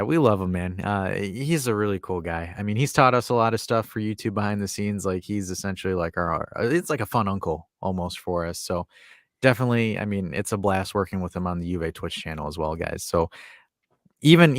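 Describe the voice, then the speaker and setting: A man's voice: sits low, fairly quick, no echo, clean studio sound. A man co-hosting a casual livestream, chatting, joking and reading viewer comments aloud. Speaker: co-host of a fan livestream.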